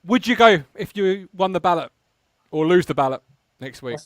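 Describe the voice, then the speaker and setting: A man hosting a live football fan show, chatty and relaxed, bringing in callers over a video call. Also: high voice, normal speed, no room sound, studio quality. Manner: relaxed, chatty, laughs along. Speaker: host.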